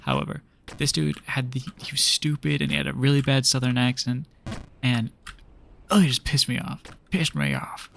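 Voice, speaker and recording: A man's voice: medium pitch, level tone, moderate pace, gravelly, fairly bright tone, slight background noise. A young man streaming a game, telling a long story in a rambling, exasperated way full of fillers. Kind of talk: casual storytelling while gaming.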